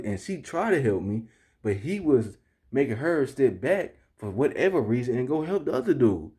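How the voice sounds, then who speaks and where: A man's voice: mid-range voice, very animated, moderate pace, dark tone. A young man vlogging, telling a story casually to the camera in heavy slang, often checking in with the listener and getting heated as he retells it. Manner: slangy, keeps asking "you feel me", heated when retelling.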